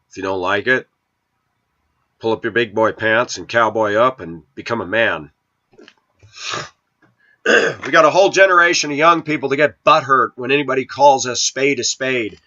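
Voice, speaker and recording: Middle-aged man vlogger with a cold, lower voice, bright and forceful, preachy and combative, dull lo-fi audio. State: sniffly with a cold. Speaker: video channel host. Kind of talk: ranting to camera. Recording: dull lo-fi sound.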